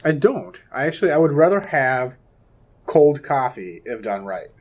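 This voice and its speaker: Man, mid-pitched voice, wisecracking, teasing, casual podcast chat. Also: very animated, moderate pace. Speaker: podcast co-host.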